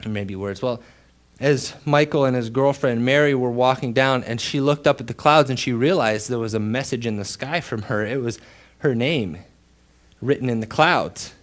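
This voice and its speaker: A male pastor preaching a sermon with dramatic storytelling, dropping to a hush and then rising loud for emphasis. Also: medium pitch, normal speed. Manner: dramatic storytelling, swings between hushed and loud.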